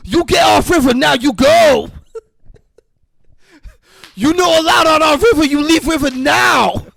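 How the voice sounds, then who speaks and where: A furious river guard barks short, broken commands at trespassers, as a man puts him on. The voice jumps high and loud, with a gravelly rasp under the shouting. It is dry and close, with no room around it. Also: drawn-out words, dry recording, full character voice. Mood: angry. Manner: shouting, clipped broken phrases. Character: angry shouting man driving strangers off a river, broken English.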